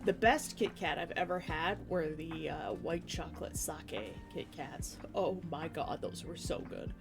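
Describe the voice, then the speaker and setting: Chatty woman streamer, lowish voice. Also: expressive, measured pace, gravelly, music in the background. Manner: chatty, rambling, frequent laughs and restarts. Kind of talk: casual chat with stream chat.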